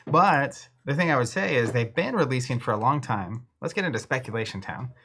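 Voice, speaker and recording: Bright-voiced man chatting casually. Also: mid-range voice, a little fast, slightly rough. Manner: chatty, animated speculation. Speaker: co-host. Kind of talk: casual chat.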